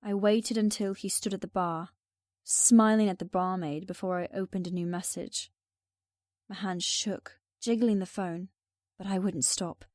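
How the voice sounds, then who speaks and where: A woman narrates a first-person audiobook in an even, subdued way. Her voice is mellow and warm, recorded close and dry. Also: mid-range voice, measured pace, no room sound.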